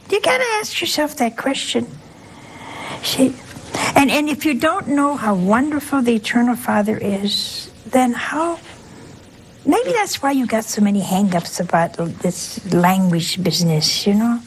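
A woman's voice: on the high side, expressive, a little slow, slight background noise, low-quality recording. An older woman, a nun, giving an informal, folksy sermon, often asking her listeners questions. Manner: folksy, conversational, asks audience questions. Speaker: nun preaching.

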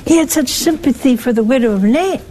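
A woman's voice: sits high, lively intonation, a little fast, mellow, poor audio. A woman giving a spiritual teaching talk, wry and teasing, with emphatic turns. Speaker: religious speaker.

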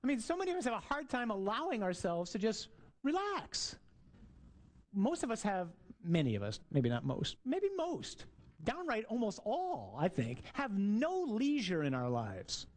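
A man's voice: high voice, wildly swooping pitch, normal speed. A man, a priest, giving a conversational sermon with jokes and asides to the congregation.

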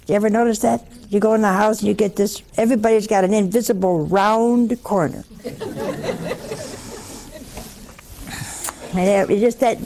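A woman giving a storytelling sermon, folksy and humorous, slow and emphatic. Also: mid-range voice, vocal fry, mellow, a little hiss or hum. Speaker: religious preacher.

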